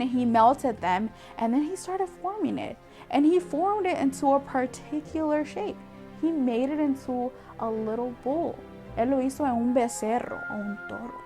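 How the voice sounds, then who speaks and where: High-voiced woman telling kids a Bible story. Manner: lively, chatty, talks straight to the kids.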